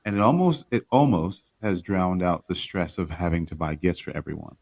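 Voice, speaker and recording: A man on a panel discussion, speaking in a reflective, measured way. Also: low-pitched, vocal fry, darkish tone, dry recording. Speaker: panel guest.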